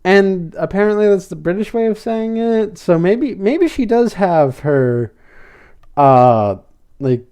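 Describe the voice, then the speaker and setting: A man's voice: high-pitched, animated, slow pace, mellow, smooth. A man hosting a podcast, casually recapping a cartoon episode, rambling and repeating fillers as he goes. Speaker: podcast host.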